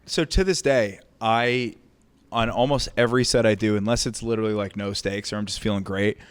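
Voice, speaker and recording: A man co-hosting a podcast, a stand-up comedian telling animated, profane stories in casual chat. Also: on the low side, a little fast, clean tone. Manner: animated, profane storytelling with laughter.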